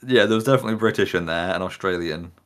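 Deep-voiced guy chatting on a podcast, laid back, laughs along. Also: rapid-fire, a bit bright, smooth. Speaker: podcast co-host. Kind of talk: casual chat.

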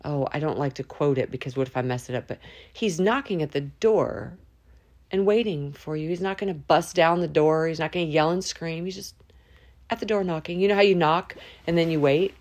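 Low-voiced woman praying heartfelt and informal. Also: a little mellow. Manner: heartfelt, informal, with sudden rises and slow drawn-out words. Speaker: podcast host. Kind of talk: spoken prayer and encouragement. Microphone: audio only, no camera.

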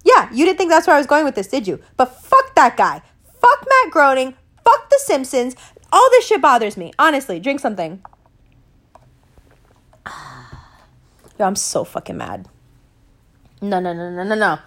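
Young female podcast host, fired-up profane rant, slightly high voice. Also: sing-song, moderate pace, long pauses, fairly bright tone. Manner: angry, profane, emphatic ranting. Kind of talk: casual ranting podcast.

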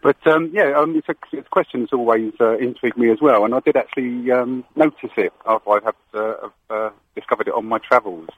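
A man's voice: mid-range voice, quick pace, few pauses, breathy edge, narrow, tinny audio. A man calling in to a radio show, hesitant and full of ums, with a sheepish laugh. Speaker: radio caller. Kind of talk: phone-in call.

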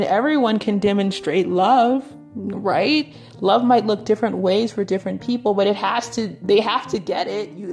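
A woman's voice: mid-range voice, a little mellow. A woman giving a conversational Bible teaching, often checking in with "right?" and "you know".

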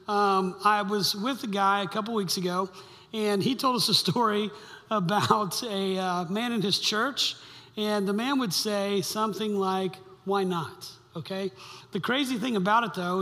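A pastor, preaching a conversational, joking sermon to a congregation. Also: male voice, sits high, sharp tone. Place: church sanctuary. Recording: long hall reverb.

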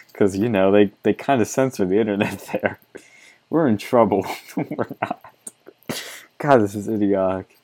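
Low-voiced sarcastic man ranting. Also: unhurried, long pauses, darkish tone. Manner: sarcastic, mocking, swears often, laughs between remarks. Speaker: commentator reacting to an article. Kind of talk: reading aloud and ranting commentary.

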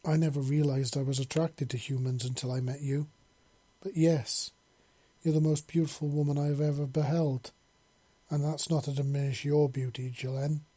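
A man reading a storybook, voicing a shy, gentle scaly male creature who speaks softly and sincerely. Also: a little high, little pitch movement, moderate pace, husky, no room sound. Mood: tender. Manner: soft-spoken, sincere, bashful.

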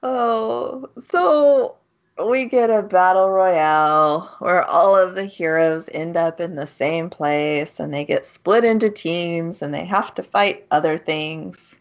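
A woman's voice: fairly low pitch, takes it slowly, muffled recording. A woman co-hosting a podcast in casual chat, recapping plots and laughing often. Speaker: podcast co-host.

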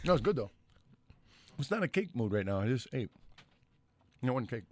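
A man's voice: mid-range voice, very animated, normal speed. A man co-hosting a podcast, reading listener messages in casual, profane banter and laughing often. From United States. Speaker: podcast co-host.

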